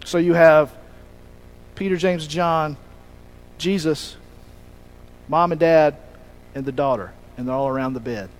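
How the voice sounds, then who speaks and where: A man with a high-pitched voice preaches a sermon, explaining the passage in a relaxed, conversational way. He poses rhetorical questions to his listeners and often corrects himself mid-sentence. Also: unhurried, long pauses, rough recording.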